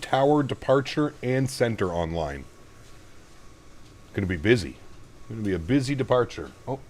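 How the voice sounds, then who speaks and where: A man's voice: mid-range voice, darkish tone. A man from Canada hosting a live flight sim stream in a casual way, greeting viewers by name and talking through each cockpit setup step. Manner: greets viewers by name, reads chat aloud.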